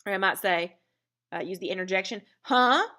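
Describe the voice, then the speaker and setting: A woman's voice: fairly low pitch, little pitch movement, fairly quick, sharp tone. A woman teacher explaining grammar step by step in a recorded lesson.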